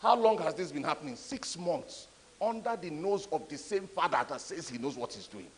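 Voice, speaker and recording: A man tells stories at a conference in a high, swooping voice, pressing hard on his points. His talk rings through a big hall with a long echo. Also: normal speed, a little hiss or hum. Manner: animated, emphatic storyteller. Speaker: conference speaker. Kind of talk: storytelling talk. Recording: echoey hall.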